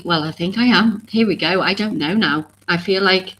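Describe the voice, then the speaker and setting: A woman's voice: lowish voice, moderate pace, few pauses, fairly bright tone, low-quality recording. A woman hosting a live stream about oracle cards. She talks to viewers in a rambling, earnest way, openly emotional and full of restarts. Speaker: oracle card reader and live stream host.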